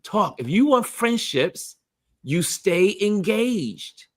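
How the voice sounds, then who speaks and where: A man hosting a casual motivational chat, talking about friendship in an animated way and acting out what people say. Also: sits high, slow pace, no echo, studio quality. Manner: animated, acts out quoted voices. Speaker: host.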